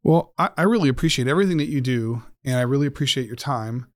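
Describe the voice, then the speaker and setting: Earnest podcast host, dry close sound. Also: male voice, mid-range voice, lively intonation, quick pace, no echo. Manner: earnest, grateful, many fillers. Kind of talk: casual interview chat.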